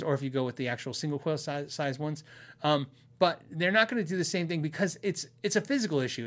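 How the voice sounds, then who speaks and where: With a fairly high pitch and fairly bright tone, the guitar channel and podcast host from Arizona, USA, works through viewer questions. The middle-aged man's casual chat rambles, punctuated by laughter and restarted sentences.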